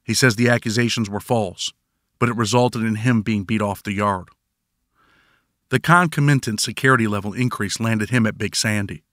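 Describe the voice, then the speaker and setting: Bright-voiced man narrating a wry prison memoir. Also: fairly low pitch, moderate pace, no room sound. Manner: dry, wry storytelling. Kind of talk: first-person memoir narration.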